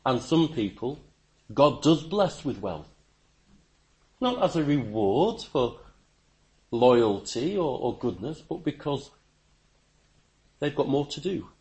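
A man preaching a sermon, emphatic, with stammering restarts and sudden rises in pitch and volume. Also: big pitch swings, slow, pauses often, a little mellow.

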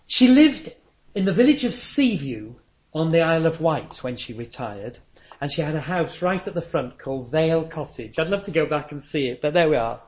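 A man's voice: fairly high pitch, animated, moderate pace. An older man, preaching a sermon with earnest, anecdotal storytelling.

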